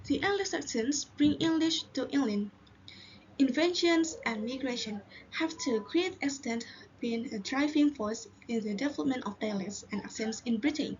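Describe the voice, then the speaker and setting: Presenter, woman from Indonesia, high voice, muffled recording with faint hiss, halting reading. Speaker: linguist presenter. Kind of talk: classroom presentation.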